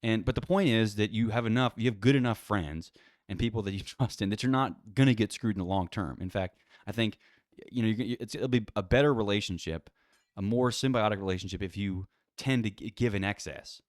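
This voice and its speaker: A man's voice: lowish voice, fairly quick, dry recording, clean studio sound. A man ranting casually and at length on his own podcast, exasperated and profane, full of "you know" and "like". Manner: rambling, profane, exasperated, many fillers. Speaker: podcast host. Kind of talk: casual solo rant.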